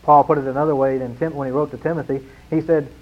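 A man preaching a sermon to his congregation, emphatic, slowing down and falling quiet on key phrases. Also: mid-range voice, fairly even intonation. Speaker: pastor. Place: church sanctuary. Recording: dull lo-fi sound.

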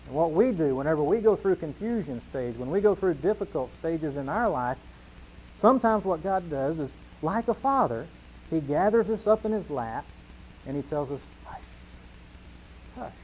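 Pastor, male, slightly high voice, emphatic repeating cadence, dull lo-fi recording. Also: animated, moderate pace, darkish tone, a little hiss or hum. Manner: emphatic, repetitive preaching cadence. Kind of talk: sermon.

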